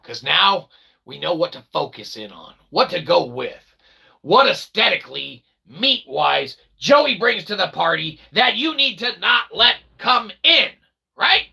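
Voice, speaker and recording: Host, male, gravelly, husky, bright edge, jumpy pitch, rambling and jokey. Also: a little slow. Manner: animated, jokey, bursts of loud exclaiming. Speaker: independent developer and channel host. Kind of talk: rambling casual vlog chat.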